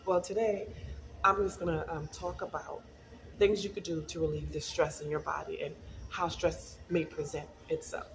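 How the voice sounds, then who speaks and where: Woman, middle-aged, low voice, gravelly, chatty vlog talk, faint background hiss. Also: fairly even intonation, normal speed. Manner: chatty, storytelling, laughs often. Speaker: wellness vlogger. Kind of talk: casual talk to camera.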